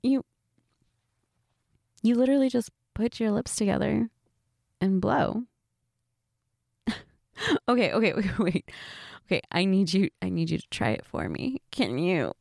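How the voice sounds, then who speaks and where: A woman's voice: mid-range voice, expressive, unhurried, gravelly, pauses often, a little mellow, dry recording, clean studio sound. A woman in a one-sided role-play chat, telling a friend a story, giggly and laughing as she talks. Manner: giggly, keeps laughing and restarting.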